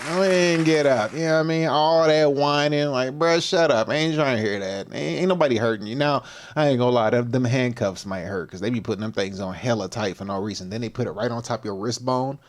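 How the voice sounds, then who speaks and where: A man's voice: mid-range voice, a little fast, few pauses, crowd noise, noisy background. A man hosting a casual livestream, talking loosely in slang and reacting to clips and comments as he goes. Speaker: livestream host.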